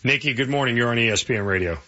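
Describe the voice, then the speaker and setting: Man hosting sports radio, quick and bright, a bit husky, muffled broadcast sound. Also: medium pitch, slight background noise. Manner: brisk, takes calls. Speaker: sports radio host taking calls.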